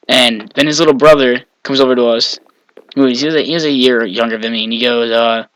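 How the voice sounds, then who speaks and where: A man's voice: medium pitch, moderate pace, pushed and bright, no room sound, poor audio. A young man from Maine telling personal stories in a casual, rambling way, often correcting himself and chuckling between lines. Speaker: vlogger. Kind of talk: casual storytelling.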